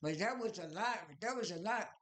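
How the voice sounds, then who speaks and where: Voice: mid-range voice, expressive, fairly quick, a bit bright, roomy sound. A speaker casually recapping a reality show at home, rambling through scenes with many fillers, restarts and retold dialogue.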